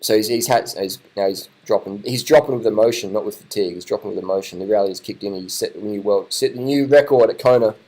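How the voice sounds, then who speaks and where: A man giving casual, excited commentary over race footage, repeating his phrases and swearing now and then. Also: fairly low pitch, fast, hardly any pauses.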